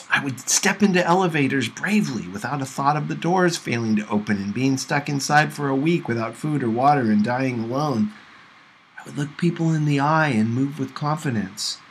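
Man narrating a novel for students, mid-range voice, steady and gentle; faint hiss behind. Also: medium pitch, poor audio. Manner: measured, gentle first-person narration. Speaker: audiobook reader for a class. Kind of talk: reading a novel aloud.

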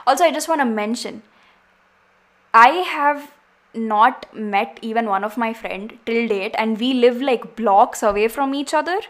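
A teenage girl talks alone on her podcast, venting in a heated rant. Her voice sits slightly high, and she keeps restarting sentences before trailing off. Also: measured pace, a bit bright. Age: teens. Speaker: podcast host.

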